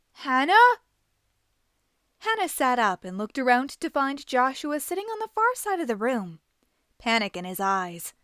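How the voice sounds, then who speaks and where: A woman hosting a reading show, reading a children's book aloud in an expressive, animated way. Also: sits high, no echo, clean studio sound. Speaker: host and storybook reader.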